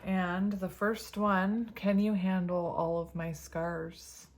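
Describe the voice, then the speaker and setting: A woman with a slightly low voice gives a tarot reading to her viewers, talking casually and laughing often. She reads each card message aloud, then chats about what it might mean. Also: little pitch movement, slow pace. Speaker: tarot reader.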